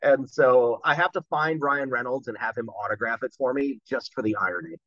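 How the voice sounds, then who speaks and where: A man, a voice actor guest, chatting on a podcast and telling animated stories. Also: medium pitch, fairly quick, no echo, lo-fi sound. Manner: animated storyteller who slips into voices. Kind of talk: casual podcast chat.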